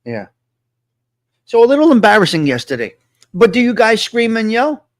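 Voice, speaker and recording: A man's voice: high-pitched, big pitch swings, moderate pace, no echo, studio quality. A man hosting a casual live-stream chat, talking to viewers and repeating his points with emphasis. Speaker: host.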